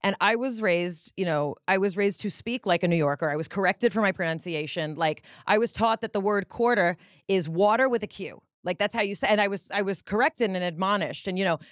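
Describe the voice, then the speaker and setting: Animated woman host, dry sound. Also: mid-range voice, no echo. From Los Angeles. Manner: animated, curious, quick to laugh. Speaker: podcast host. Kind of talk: casual interview chat.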